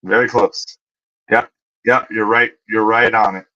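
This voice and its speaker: A man's low, level voice comes across pushed and bright over dull audio. As host of a casual livestream, he takes viewer questions in a conversational manner, thinking aloud and using fillers in the pauses while he searches.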